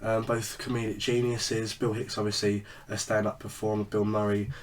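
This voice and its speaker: A man's voice: fairly low pitch, monotone, moderate pace, far from the mic. A man co-hosting a casual podcast chat, rambling with lots of fillers and restarts. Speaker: podcast co-host.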